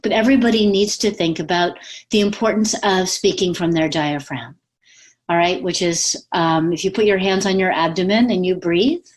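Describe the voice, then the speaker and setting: A woman speaking coach giving casual, lively advice from home over a video call, laughing easily. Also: on the low side, moderate pace. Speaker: communication coach. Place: home with pets.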